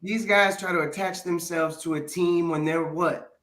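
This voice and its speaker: A man's voice: fairly high pitch, steady tone, normal speed, echoey room, over a noisy crowd. A man co-hosting a casual sports podcast, insistent and dismissive.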